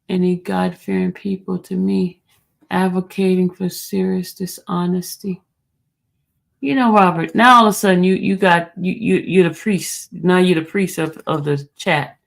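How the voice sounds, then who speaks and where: A woman hosting a livestream in a relaxed, chatty way, teasing her viewers as she answers their comments. Her voice is gravelly and has a lot of fry in it. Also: on the low side, normal speed. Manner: chatty and teasing, talks straight to the chat. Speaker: livestream host. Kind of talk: casual livestream chat, reading viewer comments.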